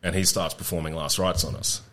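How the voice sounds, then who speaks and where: A man with a very low, deep voice, chatting casually as a podcast guest. He tells grim stories in a relaxed, profane way and laughs easily through them. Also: brisk. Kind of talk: casual storytelling chat.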